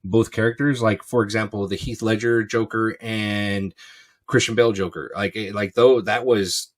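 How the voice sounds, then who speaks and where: A man's voice: on the low side, fairly even intonation, normal speed. A man co-hosting a podcast in casual, rambling chat, swearing freely. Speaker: podcast co-host.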